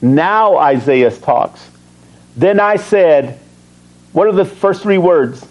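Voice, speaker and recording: A man preaching to his congregation in a conversational, animated way, with a somewhat higher voice than most men. He reads scripture aloud, throws questions out to the listeners and answers them himself. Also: slow, low-quality recording. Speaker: pastor. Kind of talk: sermon.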